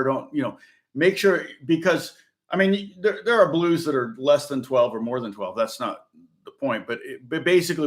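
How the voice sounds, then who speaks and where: A middle-aged man from the United States, a guitar teacher talking in a rambling, casual way with frequent laughs and restarts. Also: mid-range voice. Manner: rambling, chatty, laughs often, many restarts. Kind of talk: casual live-stream chat.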